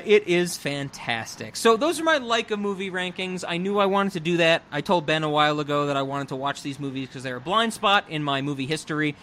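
Young male podcast co-host, high and bright, gushing and profane. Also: a little hiss or hum. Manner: gushing, enthusiastic, swears freely. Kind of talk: casual film discussion.

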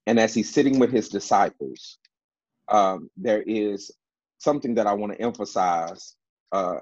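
A man's voice: sits low, a little mellow, slightly rough, no room sound, dull audio. A man teaching from the Bible in a panel discussion, emphatic and repeating key words, with many fillers.

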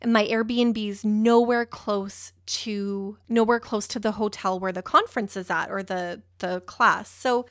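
A woman's voice: medium pitch, fairly even intonation, unhurried, hardly any pauses, dry recording, studio quality. A young woman telling a personal story in a rambling, emotional way, with a few swear words.

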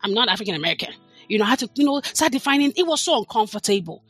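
Husky, lively woman. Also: fairly high pitch, very fast, no room sound, soft background music. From Nigeria. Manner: emphatic, passionate, stresses words. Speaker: podcast guest. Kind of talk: casual chat.

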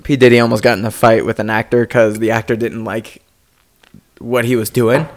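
A man chatting casually while watching a fight, telling stories animatedly and mimicking people in high voices, swearing freely. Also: little pitch movement, moderate pace. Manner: swears freely, laughs often. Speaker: podcast co-host.

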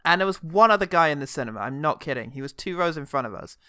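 A man's voice: on the high side, quick pace, smooth, no echo, clean studio sound. A man co-hosting a podcast, chatty and laughing often. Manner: chatty, laughs often, does animated impressions. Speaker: podcast co-host. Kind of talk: casual chat.

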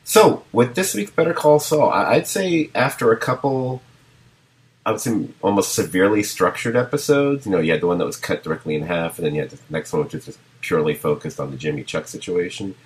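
A man hosting a podcast in relaxed conversation. His voice sits very low, and he laughs often and circles back on his own sentences as he talks. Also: brisk. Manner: chatty, laughs often, trails into restarts. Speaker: podcast host. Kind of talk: casual chat.

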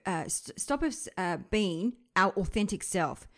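A woman's voice: medium pitch, lively intonation. A woman podcast host from the south of France, a native French speaker, who talks reflectively with many restarts. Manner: reflective, halting with frequent restarts. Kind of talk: conversational podcast interview.

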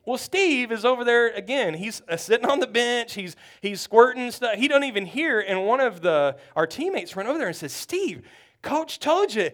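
Man, pastor, sermon, storytelling, high voice, animated. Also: brisk, few pauses. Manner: animated storytelling, acts out quotes.

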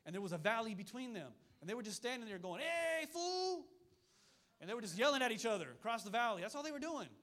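A man's voice: high voice, animated, very fast, hardly any pauses, a bit bright. A male pastor preaching a fiery sermon, repeating his points and calling out to the congregation. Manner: fiery, repetitive preaching with call-and-response asides.

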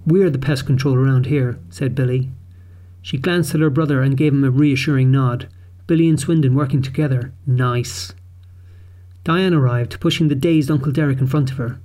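A man narrating a children's audiobook in a steady, clear storytelling manner. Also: mid-range voice, moderate pace.

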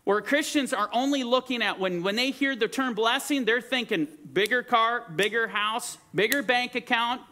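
Male Bible teacher, high bright voice, emphatic preacher's delivery. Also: moderate pace, few pauses. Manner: emphatic, preacherly, swings between soaring and hushed. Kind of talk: sermon-style Bible teaching.

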